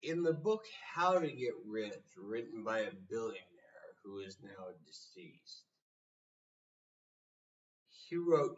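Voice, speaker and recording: Slow, blunt, profane ranting man. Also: lowish voice, expressive, far from the mic, lo-fi sound. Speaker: motivational speaker. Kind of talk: motivational rant to camera.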